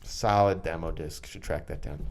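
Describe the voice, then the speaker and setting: A man's voice: very deep voice, normal speed, a little mellow, a little hiss or hum. A man co-hosting a casual gaming podcast, rambling with many ums and restarts. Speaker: podcast co-host.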